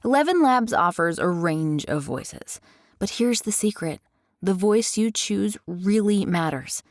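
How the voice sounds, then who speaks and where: Lower-voiced woman hosting a tutorial. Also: darkish tone, no echo, clean studio sound. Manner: upbeat and chatty, playful asides. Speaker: tutorial host. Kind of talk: scripted tutorial narration.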